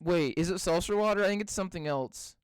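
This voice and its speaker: A man co-hosting a podcast over a remote call from his bedroom, excitable and swearing constantly in casual chat. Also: high-pitched, fast, smooth, dry recording. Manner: excitable, heavy swearing, rants in rising bursts. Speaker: podcast co-host.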